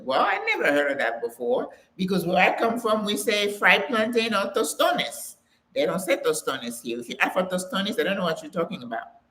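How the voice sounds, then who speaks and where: A woman's voice: lowish voice, pushed and bright. An older woman hosting a live Q&A, chatting casually, laughing often and greeting viewers by name. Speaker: host of a live Q&A for retiring women. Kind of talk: casual live-stream chat.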